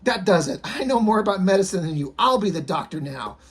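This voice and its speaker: A man's voice: high voice, lively intonation, fairly quick, breathy edge, voice pushed up. A man voicing a serious little girl who scolds a playmate, indignant and fed up.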